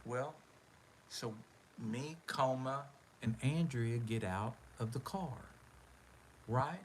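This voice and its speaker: Man, unhurried storytelling, mid-pitched voice, faint room hum behind. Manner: rambling, animated, says man a lot. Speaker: livestream host. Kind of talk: casual storytelling.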